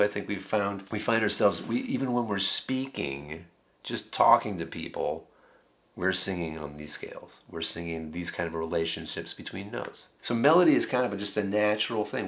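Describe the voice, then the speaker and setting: A man's voice: fairly low pitch, vocal fry, fairly bright tone. A middle-aged man teaching a songwriting workshop, talking in a conversational way and explaining with examples at the piano. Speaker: songwriting instructor. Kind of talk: lecture with piano demonstrations.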